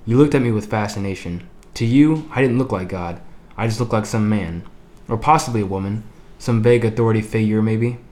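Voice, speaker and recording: A man reading a story aloud in an unhurried way, with small slips he corrects as he goes. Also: fairly low pitch, darkish tone. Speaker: narrator.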